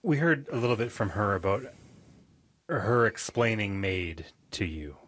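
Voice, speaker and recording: Husky-voiced male interviewer. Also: on the low side, expressive, a little slow, fairly bright tone. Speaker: radio interviewer. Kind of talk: broadcast interview.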